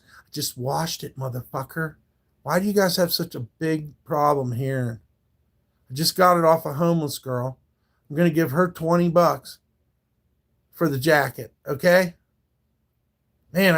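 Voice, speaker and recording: Gravelly man ranting at his chat. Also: on the high side. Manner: confrontational, profane, talks back to viewers. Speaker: live streamer. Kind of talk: casual live-stream rant at chat.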